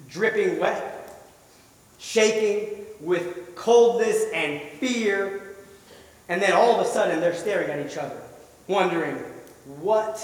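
A man's voice: sits high, fairly bright tone. A man preaching a sermon, retelling a story vividly and asking the listeners rhetorical questions. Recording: echoey hall, voice from far off.

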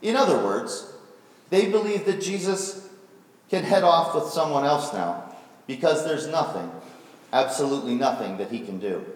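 A male pastor preaching a sermon, retelling a story vividly and asking rhetorical questions. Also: medium pitch. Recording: echoey hall, voice from far off.

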